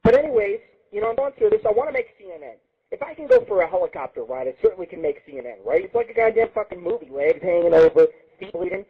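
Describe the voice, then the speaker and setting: A man's voice: sits high, sing-song, quick pace, breathy edge. Manic, foul-mouthed radio host man. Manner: loud, profane and manic, jumping between topics. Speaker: internet radio show host. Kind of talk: crude rambling monologue. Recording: muffled phone-like line.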